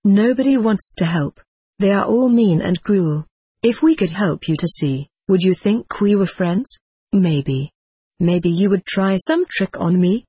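A woman reading an old text aloud in a plain, steady voice, even speaking the punctuation and section numbers. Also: mid-range voice, unhurried, breathy edge, no room sound. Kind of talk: audiobook reading.

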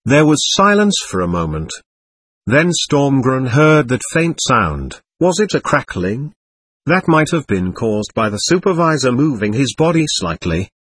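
A man narrating an audiobook with expressive storytelling. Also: medium pitch, measured pace, husky, dry recording. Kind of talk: scripted narration.

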